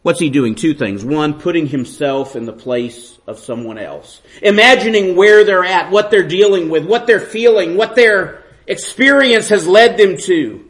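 A middle-aged man preaching a sermon, swinging from hushed to loud and asking his listeners pointed questions. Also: high voice, a little slow, few pauses.

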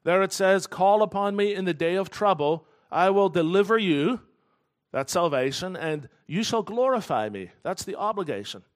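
A man preaching a sermon in an earnest, emphatic way, slowing down to stress key phrases. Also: high-pitched, animated. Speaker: pastor.

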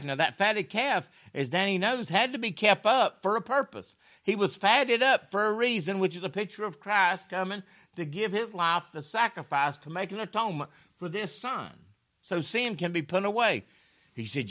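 A man preaching a sermon with a gravelly, bright edge to his voice. He talks in a folksy way and repeats key lines for weight. He swings between quiet low murmurs and loud raised passages. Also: lively intonation, moderate pace. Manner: folksy, repeats phrases for emphasis.

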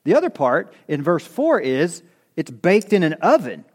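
A man's voice: fairly high pitch, huge pitch swings, normal speed. A middle-aged man preaching an expository sermon to his congregation in a conversational way, often checking in with "okay?" and correcting himself mid-sentence. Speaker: pastor.

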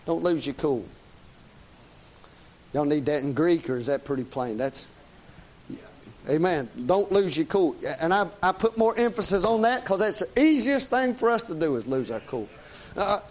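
A middle-aged man, preaching a folksy, plain-spoken, emphatic sermon. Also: high voice. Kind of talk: conversational sermon.

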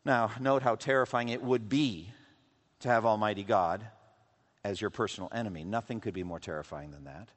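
A man preaching a sermon, swinging from loud, intense passages to hushed, quiet lows. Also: moderate pace. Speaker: pastor. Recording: long hall reverb.

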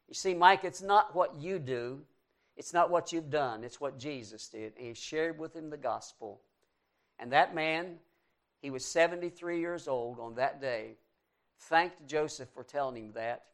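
A man in his sixties, a pastor, preaching a sermon to his congregation and earnestly repeating his questions to them. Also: a little high.

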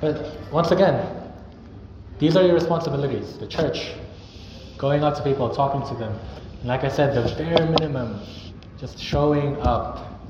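A man's voice: mid-range voice, normal speed. A young man preaching a sermon in an earnest, conversational way, now and then acting out sample greetings. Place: church hall. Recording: echoey, dull hall recording with noise.

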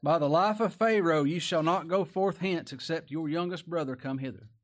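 Man doing a stern ruler, higher-pitched, commanding, from a sermon. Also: normal speed, lightly acted. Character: stern powerful man testing his brothers.

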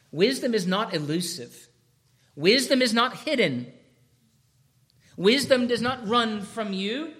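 With a high voice, a male pastor preaches, moving from quiet passages to shouts and putting rhetorical questions to the congregation.

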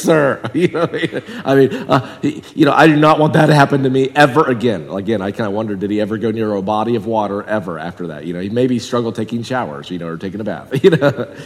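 A man preaching a sermon in a church, talking conversationally and swinging from loud and high to low and quiet. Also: long reverb tail. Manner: conversational with wide swings in pitch and volume. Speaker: pastor. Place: church sanctuary.

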